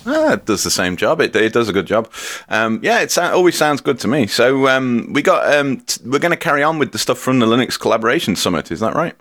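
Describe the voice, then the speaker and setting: A man's voice: medium pitch, big pitch swings, fairly quick, a bit bright. A British man co-hosting a podcast, easygoing and hesitant in casual chat. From Britain. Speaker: podcast co-host.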